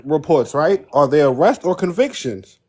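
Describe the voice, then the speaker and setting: A man's voice: fairly high pitch, sing-song, moderate pace, dark tone, slightly rough. A man from Brooklyn calling into a live debate, out of breath, who presses the same question over and over. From Brooklyn, New York. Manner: persistent, repeats his question. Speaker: caller. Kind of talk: heated debate.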